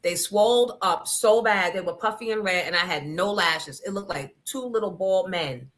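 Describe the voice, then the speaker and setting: Brief: woman host, casual chat, bright and forceful tone, candid and salty. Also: mid-range voice, moderate pace. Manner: candid, profane storytelling with asides to the audience.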